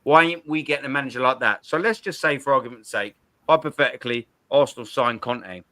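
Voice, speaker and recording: A young man hosts a football call-in show. His voice is bright and forceful, and he talks in animated, slangy bursts with frequent restarts. The sound is dry and close. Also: medium pitch, fast talker, dry recording. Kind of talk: casual chat.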